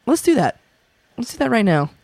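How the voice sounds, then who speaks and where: A man co-hosting a comedy podcast, playful and excitable, quick to laugh. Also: extremely high pitch, vocal fry, no room sound. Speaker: podcast co-host. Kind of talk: improvised comedy podcast banter.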